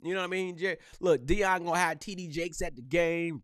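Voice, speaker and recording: A man hosting a podcast, talking casually and joking in loose, animated trash talk. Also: a little high, fairly quick, dry recording, studio quality. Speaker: podcast host. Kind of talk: casual solo podcast rant.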